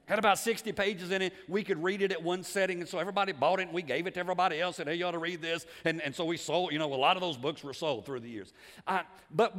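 Animated pastor preaching in a hall. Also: male voice, sits high. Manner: animated, varies volume widely, repeats words, asks the congregation questions. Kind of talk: sermon. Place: church sanctuary. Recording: long reverb of a church hall.

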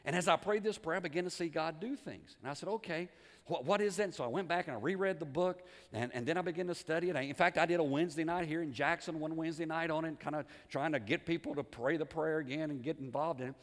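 Animated pastor preaching in a hall. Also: male voice, on the high side, fast talker. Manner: animated, varies volume widely, repeats words, asks the congregation questions. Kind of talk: sermon. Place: church sanctuary. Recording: long reverb of a church hall.

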